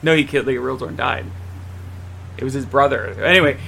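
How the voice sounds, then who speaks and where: A man co-hosting a casual movie podcast, animated and teasing. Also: medium pitch, a little fast, gravelly, a little hiss or hum, low-quality recording. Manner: animated, teasing, does silly accent impressions. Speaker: podcast co-host. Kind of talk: casual banter about movies.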